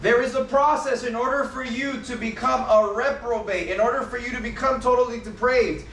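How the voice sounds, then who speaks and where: A man with a very high voice preaches on the street, reading out verses and leaning hard on the key words. He sounds distant from the mic, with a roomy echo around him. Faint ambient noise sits behind his voice. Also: fairly even intonation, fairly quick, a bit bright. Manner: emphatic, stresses key words while reading scripture. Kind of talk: open-air preaching. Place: outdoors.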